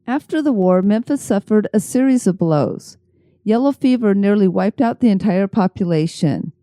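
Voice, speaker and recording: A woman co-hosting a podcast, reading scripted narration in a measured, even way. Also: mid-range voice, no room sound, clean studio sound. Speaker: podcast co-host.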